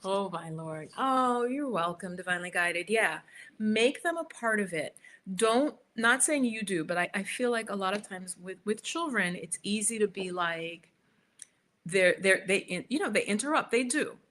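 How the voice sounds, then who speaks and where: A woman's voice: mid-range voice, lively intonation, moderate pace, sharp tone. A woman in her fifties, a yoga teacher, answering viewers in a chatty, encouraging live Q&A, repeating her points, recorded on a computer mic at home.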